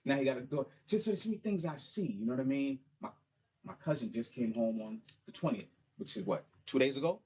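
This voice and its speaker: Husky-voiced man talking to a small crowd. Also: medium pitch, expressive, fast talker, darkish tone, dull audio. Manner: conversational, repeats "you know what I mean". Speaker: author and mentor speaking at a book launch. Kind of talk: casual talk and a cappella spoken-word song. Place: bookstore event with a small live audience.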